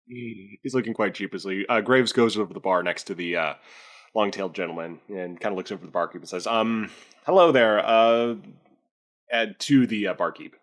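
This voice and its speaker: A man's voice: fairly low pitch, moderate pace. A man playing his character in a tabletop role-playing game, talking hesitantly with many fillers and restarts. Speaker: player.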